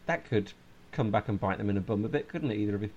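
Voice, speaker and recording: A man's voice: lowish voice, fast talker, slightly rough, muffled recording. A man hosting a casual football podcast, reading out stats and teasing his co-hosts. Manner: lively, teasing, reads out stats. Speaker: podcast host. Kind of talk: casual chat.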